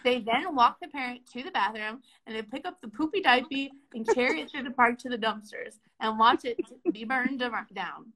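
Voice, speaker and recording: A young woman with a high, bright voice runs a live-streamed comedy bit. She plays a chipper orientation leader, all bubbly mock cheer. Her delivery stays upbeat and a little over the top. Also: moderate pace, hardly any pauses. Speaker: comedy host playing a Disney World career orientation leader.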